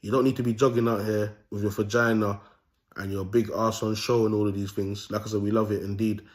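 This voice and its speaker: A man's voice: on the low side, flat delivery, brisk. A young man with a London accent hosting his own video, ranting in comic commentary, swearing freely and laughing at his own jokes. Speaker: host.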